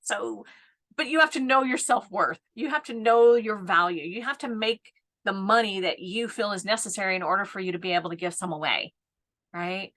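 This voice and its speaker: A business coach in her fifties gives a relaxed live coaching talk, laughing often and closing her points with "right?". Her voice is medium-pitched and fairly bright, at a normal speed.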